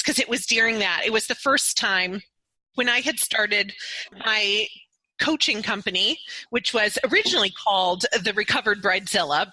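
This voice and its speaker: A woman's voice: medium pitch, pushed and bright, husky, dry recording, rough recording. A woman who works as a coach, chatting as a podcast guest in a candid, playful way. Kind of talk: casual podcast chat.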